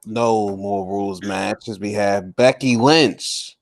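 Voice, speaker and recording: A man's voice: on the low side, slow pace, vocal fry, no room sound, clean studio sound. A man co-hosting a casual wrestling talk show, laid-back and leading into the next match. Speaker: wrestling podcast co-host. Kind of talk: casual chat.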